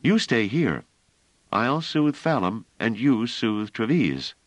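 A man reading an audiobook, voicing a calm, gentle woman in a raised pitch. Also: takes it slowly, dry recording. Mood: firm. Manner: soothing, gentle. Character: calm gentle adult woman, soothing and firm.

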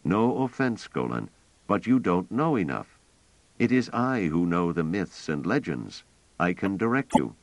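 A man voicing a fussy, gentle elderly male scholar who rambles and talks hesitantly. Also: sits low, big pitch swings, a little slow, vocal fry, no echo, heavily acted, rough recording. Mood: earnest. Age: older. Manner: hesitant, wordy, polite.

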